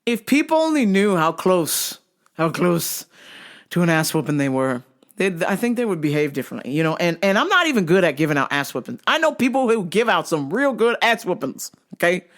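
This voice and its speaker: Profane, animated woman host. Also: lowish voice, brisk. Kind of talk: casual comedic storytelling.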